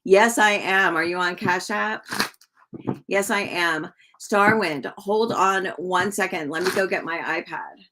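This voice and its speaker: A woman tarot reader chatting on a live stream, answering viewers' comments in a slow, drawn-out way with many ums. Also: lowish voice, noisy background.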